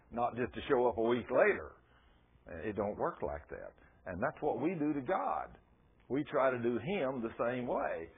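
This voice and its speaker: A man preaching a sermon as a pastor, telling folksy stories from his own life. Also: medium pitch. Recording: tinny phone-like sound.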